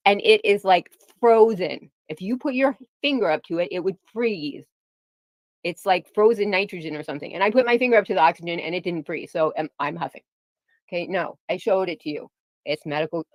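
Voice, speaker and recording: A middle-aged woman rants to the camera, angry and swearing as she keeps circling back to the same points. Her voice sits at an ordinary pitch for a woman and is recorded dry and close, with no room sound around it. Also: no room sound. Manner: heated, profane, repeats herself. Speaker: vlogger.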